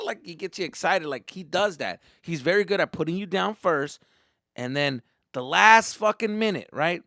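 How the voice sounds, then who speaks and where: Comedian podcast host, profane storyteller, dry close sound. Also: male voice, sits high, moderate pace, no room sound. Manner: profane, animated, rambling.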